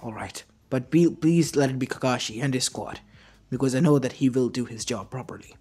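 A man voicing a guilt-ridden male scientist uncle in a fan story, speaking earnestly and quietly, with faint music behind. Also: mid-range voice, brisk, husky, lightly acted. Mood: pleading.

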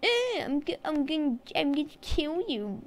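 A woman's voice: high-pitched, big pitch swings, moderate pace. A young woman hosting a casual gaming chat, teasing her friend and giggling a lot. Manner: teasing, giggly, breaks into laughter often. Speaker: gaming channel host.

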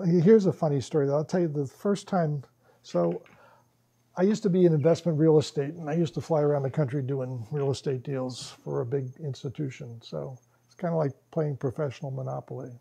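A man presenting at a workshop, telling stories in a casual, animated way to a small group. He laughs often and acts out quoted lines. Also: fairly high pitch, moderate pace, vocal fry, breathy edge.

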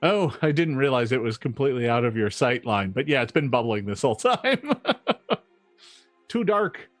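A man narrating as game master in a relaxed, joking way, with many fillers. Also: mid-range voice, normal speed, no room sound, soft background music.

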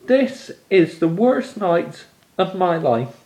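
A young man from England vents about a humiliating football defeat, seething and swearing as he talks to camera. His voice sits a little high and he speaks slowly, leaning hard on each angry word. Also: very animated, darkish tone. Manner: furious, swearing, exasperated. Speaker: football fan vlogger. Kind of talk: angry fan rant to camera.

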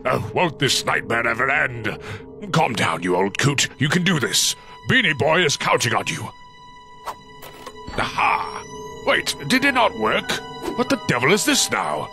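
Crusty old cartoon crewmate muttering to himself, raspy and all over the place, music under it. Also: male voice, mid-range voice, sing-song, a little slow, long pauses. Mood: fretful. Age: older. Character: grumpy old male crewmate, jumpy. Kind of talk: cartoon voice acting.

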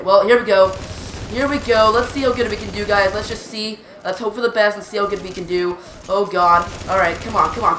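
A woman narrates her own gameplay as it happens, excitable and quick to cry out, often tripping over her words. Her voice sits at an ordinary pitch for a woman. It carries a noticeable room echo with faint background noise. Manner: excitable, repeats urgent exclamations, stammers often. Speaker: gaming channel host. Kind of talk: live gameplay commentary.

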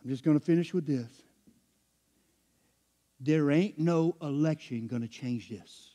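Unhurried, a middle-aged man delivers a sermon as pastor, his voice dropping to quiet murmurs and rising to loud, high peaks.

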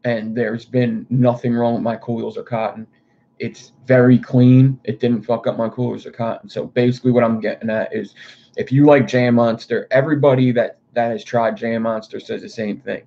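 Gravelly, rambling male streamer. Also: mid-range voice, level tone, normal speed. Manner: rambling, loose, profane talk. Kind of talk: casual chat to stream viewers. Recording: dull lo-fi stream audio.

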